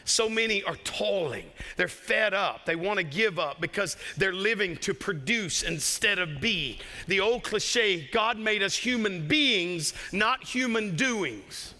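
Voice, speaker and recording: A pastor with a Southern US accent preaches with passion, breaking into jokes and sudden raised lines. His voice sits high and rings very bright and sharp. A long reverb trails each phrase through the church hall. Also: animated, slow, few pauses. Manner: impassioned, joking asides, bursts of raised voice. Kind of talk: sermon. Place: church sanctuary.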